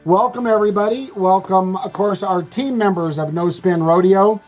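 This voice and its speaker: A man's voice: sits high, a little mellow, soft background music. Joking male podcast co-host, lo-fi. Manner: playful, joking, quick restarts. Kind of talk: casual chat. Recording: dull lo-fi sound.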